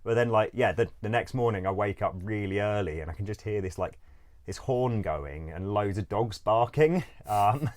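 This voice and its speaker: A man's voice: fairly low pitch, lively intonation, moderate pace, darkish tone. A man telling travel stories in a casual interview. He rambles, fills his speech with "like", swears freely and laughs often. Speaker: interview guest. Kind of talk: casual storytelling.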